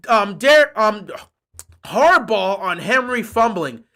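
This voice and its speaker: Fan host on a live reaction stream: bright, sharp tone, sarcastic, fed up, repeats himself for effect. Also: mid-range voice, big pitch swings, moderate pace. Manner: frustrated, sarcastic and repetitive.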